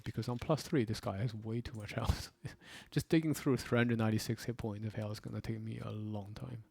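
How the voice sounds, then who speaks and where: Gravelly man commenting on a board game. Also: fairly low pitch, normal speed, hardly any pauses. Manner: relaxed, chatty, with fillers. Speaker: host.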